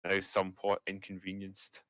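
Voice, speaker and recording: A man's voice: sits low, completely flat delivery, normal speed, crowd noise. A man playing a tabletop game, thinking aloud with hesitations and dry jokes. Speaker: player.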